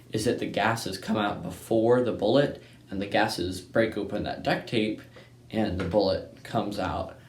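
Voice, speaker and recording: A man's voice: lowish voice, a little mellow. A young man from Texas, casually telling a hunting story in a rambling way and often tagging on "right?". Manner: rambling, keeps asking "right?" and saying "anyways". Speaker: hunting channel host. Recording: echoey room with faint noise.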